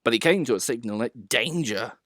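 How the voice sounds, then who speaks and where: A man narrating a children's storybook in an expressive, animated reading voice. The recording is close and dry, with no room sound. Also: mid-range voice, normal speed, dry recording.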